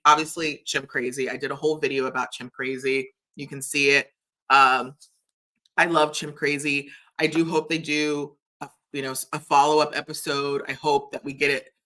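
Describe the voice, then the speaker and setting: A woman's voice: sits low, sharp tone. A woman reviewing TV from a room at home, chatty and candid, who fills her talk with fillers and retells scenes. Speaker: TV reviewer and host. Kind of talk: casual recap commentary. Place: home room filled with pop culture items.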